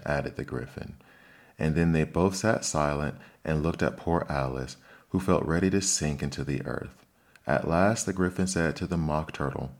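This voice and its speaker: Very deep-voiced male storybook narrator. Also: steady tone, normal speed.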